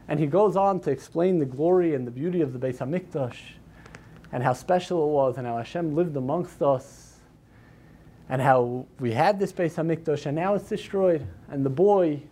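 High-voiced man telling a dramatic story. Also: darkish tone. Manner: dramatic, acts out quoted lines. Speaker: speaker at a community program. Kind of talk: storytelling sermon.

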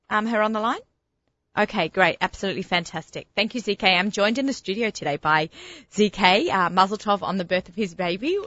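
Bright-voiced Australian woman radio host. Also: medium pitch, dry recording, dull audio. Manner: chatty and enthusiastic, quick laughs. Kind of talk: casual radio interview. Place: radio studio.

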